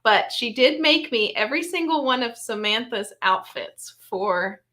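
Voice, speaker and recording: A woman's voice: on the high side, animated, measured pace, bright, forceful tone. A woman hosting a chat show who laughs easily and reads viewer comments aloud. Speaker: show host.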